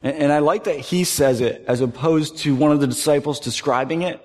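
A man preaching a sermon earnestly, at times emphatic and at times dropping to a hushed, quiet voice. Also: on the high side, brisk, in a large hall. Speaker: pastor.

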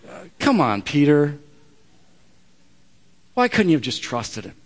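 A man's voice: a little high, huge pitch swings, measured pace, exaggerated voice. A man doing smug, taunting disciples. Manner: taunting, sarcastic. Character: mocking male disciples, smug and scornful.

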